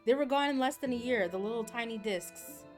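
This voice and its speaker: A young woman streaming a game live, chatting freely with her viewers and reading their messages aloud. She is expressive, often exclaiming and laughing. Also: a little high, brisk. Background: game music.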